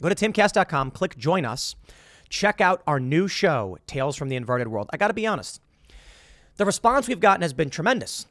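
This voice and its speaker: A man delivers a political commentary monologue as host, his voice high and lively. He swings widely in pitch as he acts out quoted voices. The sound is dry and close, with no room echo. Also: a little fast.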